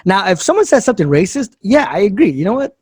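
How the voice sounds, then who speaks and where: A man's voice: sits high, sing-song, fast, slightly rough, no room sound, studio quality. A man co-hosting a casual political talk show, arguing his points and laughing between them. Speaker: podcast co-host.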